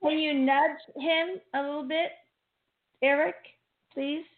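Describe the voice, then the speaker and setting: A woman's voice: sits high, steady tone, takes it slowly. A woman hosting a call-in radio show, blunt and emotional, cursing freely. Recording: narrow phone-line sound.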